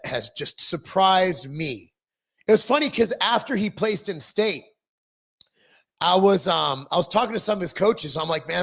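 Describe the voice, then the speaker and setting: High-voiced middle-aged man chatting live. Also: gravelly, a bit bright. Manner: rambling, self-deprecating, frequent ums and restarts. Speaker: livestream host reading viewer comments. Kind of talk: casual livestream chat.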